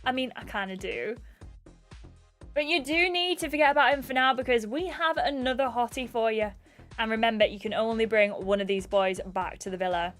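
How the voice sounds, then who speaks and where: Woman, gaming livestream, chatty commentary, higher voice, faint music underneath. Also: brisk, a bit bright. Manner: chatty, reacts and asks viewers questions. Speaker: gaming streamer. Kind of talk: chatty live game commentary and reading aloud.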